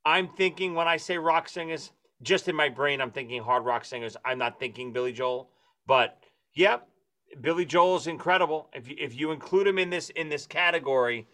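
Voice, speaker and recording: Bright-voiced laughing man. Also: fairly high pitch, moderate pace. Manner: laughing, enthusiastic. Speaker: podcast co-host, music teacher. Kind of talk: casual chat.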